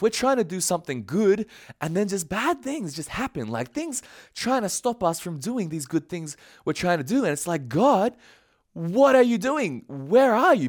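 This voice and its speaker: Animated storytelling pastor, a man. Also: high voice. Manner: storytelling, chuckles often. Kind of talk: sermon.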